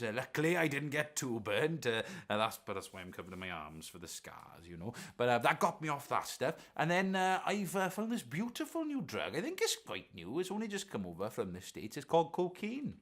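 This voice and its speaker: A rambling, washed-up rock star, played by a man in an improvised mockumentary, telling his story in a deadpan way. The voice is middle-aged and sits in an ordinary male range. It swings widely up and down as he halts over fillers. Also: on the low side. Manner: rambling, deadpan, halting with many ums.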